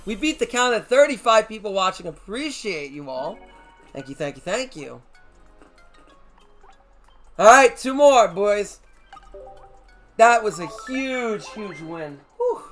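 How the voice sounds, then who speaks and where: A man streaming a card game live, reacting loudly, swearing and shouting at big plays. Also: high-pitched, takes it slowly, pauses often. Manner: excitable, swears, shouts at wins. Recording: faint music behind.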